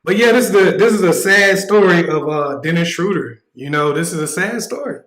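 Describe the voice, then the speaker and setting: A man's voice: sits high, lively intonation, normal speed, fairly bright tone. Male livestream host, blunt and joking, raised voice, roomy sound. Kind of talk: casual livestream commentary.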